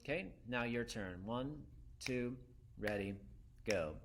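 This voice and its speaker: A man's voice: mid-range voice, slow pace, loud music behind the voice. Man teaching a saxophone lesson. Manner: demonstrates by singing syllables; counts in and calls turns. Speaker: music teacher.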